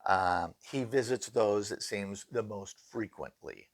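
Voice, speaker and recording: Gravelly middle-aged man, innkeeper spinning ghost tales, dry close sound. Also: fairly low pitch, slow pace, no room sound. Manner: animated, acts out quoted voices. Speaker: innkeeper telling ghost stories. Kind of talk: casual storytelling.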